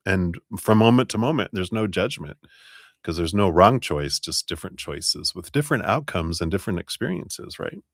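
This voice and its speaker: Deep-voiced man giving a tarot reading. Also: lively intonation, moderate pace, no room sound, studio quality. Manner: chatty, laughing often, stretching words for emphasis. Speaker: tarot reader. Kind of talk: live-stream tarot reading.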